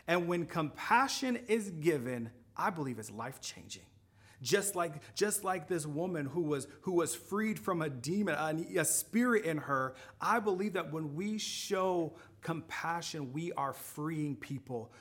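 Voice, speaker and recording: Male preacher, conversational sermon storyteller, slightly raised pitch. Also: fairly bright tone. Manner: conversational storytelling with frequent restarts.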